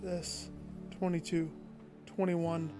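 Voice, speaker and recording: High-voiced man thinking aloud slowly. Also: flat delivery, over music. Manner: thinks out loud, talking to himself and his viewers. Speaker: game streamer. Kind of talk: gameplay commentary.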